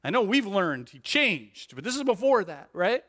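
A male pastor preaching a sermon with animated delivery, rhetorical questions and frequent "right?" asides, restarting and repeating words as he builds a point. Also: high voice, normal speed. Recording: long hall reverb.

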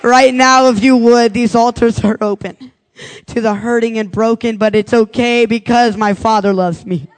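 A man's voice: very high voice, fairly even intonation, moderate pace, poor audio. A young man giving a youth-service sermon, moving from an emotional personal testimony to an impassioned altar call. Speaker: youth speaker.

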